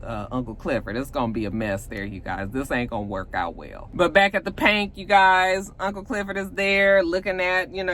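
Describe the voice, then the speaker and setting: A woman's voice: on the low side, a bit bright, slight background noise. Chatty woman recapping a show. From Georgia, US. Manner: chatty, acts out characters' lines in quick voices. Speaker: TV recap vlogger. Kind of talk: casual episode recap.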